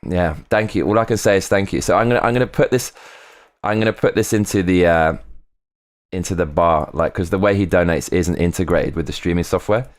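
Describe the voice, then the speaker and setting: A man casually chatting on a live stream, reading out viewer comments, excitable and swearing often, repeating himself. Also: deep voice, brisk.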